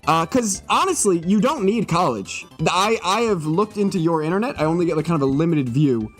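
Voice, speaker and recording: A man's voice: fairly high pitch, lively intonation, fairly quick, soft background music. A young man streaming live, joking and swearing in a mock-serious monologue, a little tipsy.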